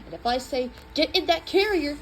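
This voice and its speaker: Woman playing a frantic cat owner, high sugary voice. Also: animated, measured pace, a little hiss or hum, poor audio. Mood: blustering bossy. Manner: exaggerated sugary then blustering, squealing. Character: flustered cat owner coaxing and bossing a stubborn cat.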